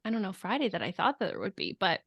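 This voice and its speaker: A woman's voice: medium pitch, wildly swooping pitch, fast, vocal fry, husky, no room sound, studio quality. A young woman co-hosting a podcast, chatting casually and a bit rambling while her voice sounds nasal from a cold. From California. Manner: self-deprecating, rambling. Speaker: podcast co-host. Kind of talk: casual chat.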